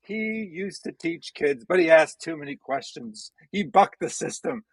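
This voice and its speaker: A male comedian with a somewhat high, husky voice who takes his time. He teases his host in a playful roast-style introduction. The sound is dry and close. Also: expressive, measured pace, dry recording, low-quality recording. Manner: playful and teasing. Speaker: stand-up comedian guest.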